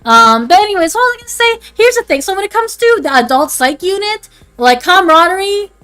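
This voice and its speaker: A young woman with a high voice chats on a livestream, rambling and animated. She leans on filler words, swears freely and keeps the talk loose and unscripted. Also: a little fast. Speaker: VTuber streamer. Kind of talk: casual livestream chat.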